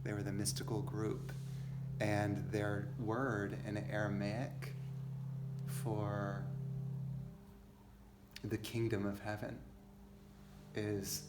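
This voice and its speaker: A man teaching a relaxed spiritual class to a live group, gentle and unhurried, laughing easily. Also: fairly low pitch, noisy background. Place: church hall with a live group. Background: guitar music.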